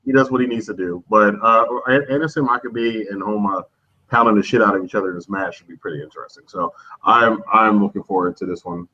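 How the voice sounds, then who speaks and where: A man's voice: fairly low pitch, fast, bright, forceful tone. A man co-hosting a wrestling preview chat, talking casually and hesitantly. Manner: casual, hesitant, restarts sentences. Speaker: co-host. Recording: dull lo-fi mic.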